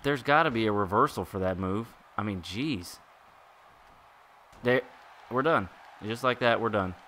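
A man giving excitable live commentary while playing a wrestling video game, groaning and exclaiming at each turn. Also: lowish voice, a little slow, slight background noise. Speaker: gaming YouTuber.

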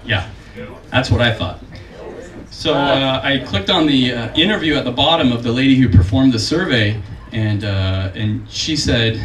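A man in his forties performing a self-deprecating stand-up comedy set, with a deadpan delivery. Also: moderate pace. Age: 40s. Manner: self-deprecating, deadpan delivery with high put-on voices for quoted people. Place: comedy club stage with live audience. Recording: roomy, distant mic, crowd audible.

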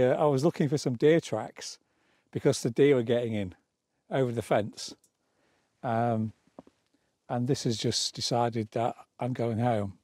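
A man's voice: medium pitch, darkish tone, husky, no room sound. A man co-hosting a vlog outdoors in the snow, joking and laughing as he talks. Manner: jokey, laughs often, restarts sentences. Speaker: vlog co-host. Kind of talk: casual outdoor chat.

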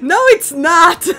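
A woman's voice: extremely high pitch, sharp tone. A woman streaming a video game, chatting casually and teasing her chat with frequent giggles.

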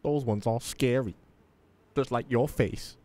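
A man's voice: mid-range voice, unhurried, dark tone. A man in a video game role-play who keeps teasing the others and egging them on.

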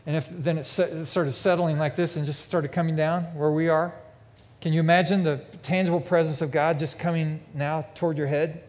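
A man's voice: on the high side, flat delivery, brisk, a little mellow. A man preaching a sermon in a large church with a mezzanine, telling a vivid, emphatic story to his congregation. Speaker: pastor. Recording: long reverb of a big church hall.

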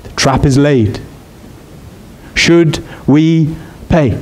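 Expressive male preacher, rising pitch. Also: drawn-out words. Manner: expressive, climbs high on emphatic points. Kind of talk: sermon.

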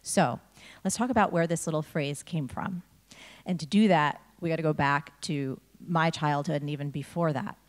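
A woman's voice: deep voice, moderate pace. A woman from New Jersey giving a motivational talk to a school audience, telling stories and acting out the dialogue. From New Jersey, USA. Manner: animated storyteller, acts out dialogue. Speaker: speaker addressing a school audience. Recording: long reverb of a large hall.

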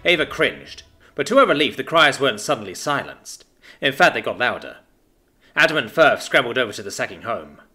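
A man's voice: medium pitch, big pitch swings, fairly quick, bright, forceful tone. A man narrating a sci-fi story in a dramatic, scripted storytelling style.

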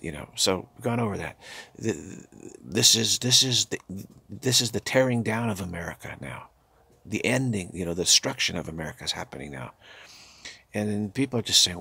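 Older male spiritual teacher, gravel in a low voice, meditative repetitive delivery. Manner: halting, repetitive, drops into soft murmured chanting.

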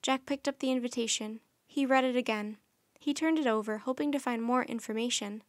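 A woman hosting a children's storytime, reading a chapter book aloud in a gentle, friendly, unhurried way. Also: fairly high pitch, dry recording, clean studio sound.

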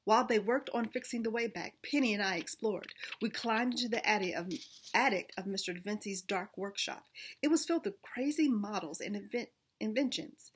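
A woman reading a children's storybook aloud in first person, expressive, with small restarts. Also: medium pitch, brisk, breathy edge.

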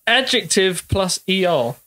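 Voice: medium pitch, big pitch swings, a little slow, sharp tone. A podcast host leading a casual comedy chat, teasing and giggly while explaining a word game. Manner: leads the segment, teasing and giggly.

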